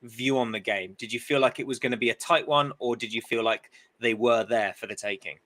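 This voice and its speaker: A man's voice: mid-range voice, fairly even intonation, a little fast, a bit bright. A man hosting a podcast who steers the conversation by putting questions to his co-hosts. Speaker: podcast host. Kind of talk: casual chat.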